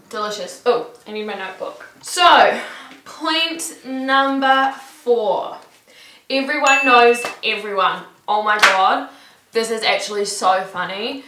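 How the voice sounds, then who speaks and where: Her fairly high voice sounds pushed and bright, and she takes her time as she chats to the camera. She's a young New Zealander vlogging casually, with "like" filling almost every phrase, over slight background noise.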